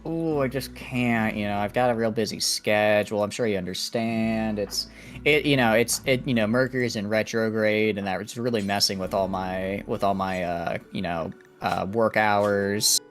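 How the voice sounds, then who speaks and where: A streamer voicing an overly polite, flaky person who makes drawn-out fake-sweet excuses. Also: medium pitch, steady tone, faint music behind, close to an everyday voice. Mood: mock-sweet. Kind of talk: casual game stream chat.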